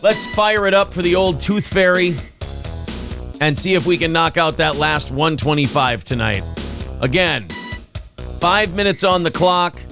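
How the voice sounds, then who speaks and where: A man's voice: fairly high pitch, expressive, measured pace, gravelly, pauses often, a bit bright, soft background music. Brash, profane male show host. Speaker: podcast host. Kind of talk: casual live-stream chat.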